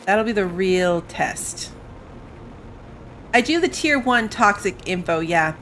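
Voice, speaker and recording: A woman's voice: medium pitch, lively intonation, slow pace, fairly bright tone, soft background music. A tired woman with school-age kids, chatting casually while playing a game, rambling and yawning now and then. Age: adult with school-age kids. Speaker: gaming streamer. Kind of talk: casual let's-play commentary.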